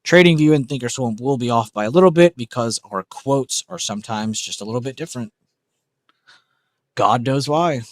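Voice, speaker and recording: A man's voice: mid-range voice, moderate pace, no echo. A man hosting a live trading stream, chatting casually and talking to his dog between comments. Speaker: livestream trading host.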